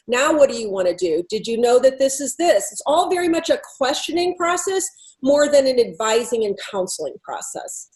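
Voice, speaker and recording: A woman with a high, light voice talks through a lesson from her consulting work. She tells it as a story, acting out both sides of the dialogue and posing question after question. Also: lively intonation, normal speed, a little mellow, poor audio. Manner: conversational, re-enacts dialogue, Socratic questioning. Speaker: workplace culture consultant. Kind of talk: storytelling talk to a business audience.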